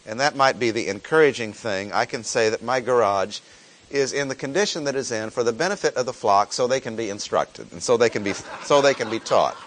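A man teaching a sermon, reading scripture verses and explaining them in a slow, deliberate way, repeating key phrases for emphasis. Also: medium pitch, a bit bright. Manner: reads scripture aloud, then explains it plainly. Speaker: preacher.

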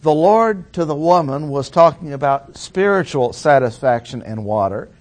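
A man's voice: on the high side, lively intonation, moderate pace. A man teaching through a Bible passage verse by verse, stressing key words with plain-spoken asides. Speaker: preacher.

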